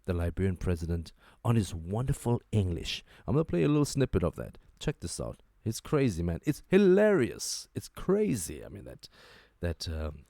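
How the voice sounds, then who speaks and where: A man hosting a talk show, giving joking, animated commentary and repeating his phrases for emphasis. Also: low voice, normal speed, vocal fry, few pauses, dry recording, clean studio sound. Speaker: host. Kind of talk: casual commentary monologue.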